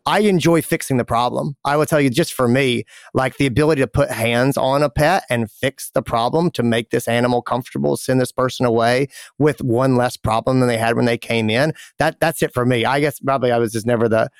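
A man's voice: medium pitch, fairly even intonation, fairly quick, hardly any pauses, clean tone, dry recording, clean studio sound. A male podcast host talking in an easygoing way, often repeating a word as he starts a thought. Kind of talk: conversational interview and ad read.

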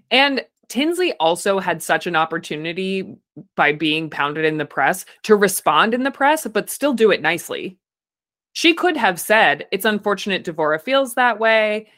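Woman podcast cohost, super expressive pitch, chatty, laughs a lot going through her notes. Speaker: podcast co-host. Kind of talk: casual chat recapping a reality show.

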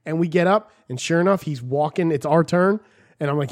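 A man's voice: on the high side, a little fast. A young man from New Jersey telling a story in a casual podcast chat, swearing freely and telling it with lots of animation.

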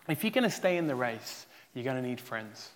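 A male pastor preaching a sermon in a church hall, earnest and emphatic, rising to loud peaks and sometimes stumbling over his words. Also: mid-range voice, sing-song, brisk. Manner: restarts and stumbles, emotional. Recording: long hall reverb.

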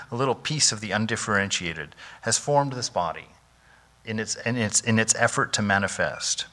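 A monk gives an informal spiritual talk with a bright, forward voice. He speaks in a loose, animated, conversational way and keeps dropping in "you know.". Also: fairly low pitch, normal speed. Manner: animated and conversational, often saying 'you know' and laughing.

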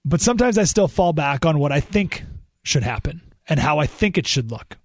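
A man hosting a political talk radio show, animated and exclamatory, thinking aloud with frequent restarts. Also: on the high side, moderate pace. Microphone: studio microphone.

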